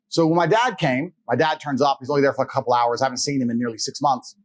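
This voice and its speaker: A man talking as a podcast guest, telling a personal story in a fast, animated, blunt and profane way. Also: medium pitch. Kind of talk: conversational storytelling.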